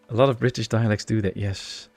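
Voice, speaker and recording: A man's voice: lowish voice, a little mellow, dry recording. A man with a Dutch accent giving laid-back live-stream gameplay commentary, chatting with his viewers and joking around. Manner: chatty, laid-back, answers chat with jokes. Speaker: gaming streamer.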